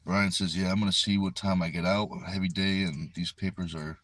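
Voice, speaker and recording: In a parked car, a low-pitched male host reads viewer comments aloud and replies in a laid-back, chatty live chat. He keeps a level tone, talks fairly quickly, and sounds a bit bright. He uses a phone resting on the steering wheel as his microphone.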